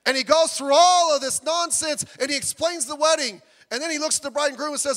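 A man preaching a sermon, telling jokey, animated stories that build up to loud emphasis. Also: extremely high pitch, fairly quick, big-room sound. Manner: animated storytelling with jokes, rising to loud emphasis. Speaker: pastor.

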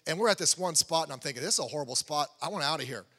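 A man preaching a sermon in a conversational, animated way, building to emphatic peaks. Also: on the high side, racing. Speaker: pastor. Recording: long hall reverb.

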